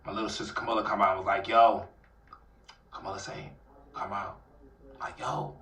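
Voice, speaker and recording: A man with an Atlanta accent telling a dramatic personal story in an interview, acting out the voices and swinging between loud outbursts and near-whispers. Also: fairly low pitch, fairly even intonation, brisk, pauses often. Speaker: guest telling his life story. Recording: roomy, somewhat distant mic.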